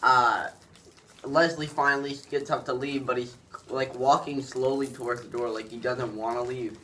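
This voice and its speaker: A man's voice: medium pitch, fairly even intonation, normal speed, pushed and bright. A young man telling a story in a rambling, casual way, full of fillers, as a YouTuber. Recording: distant mic with faint background noise.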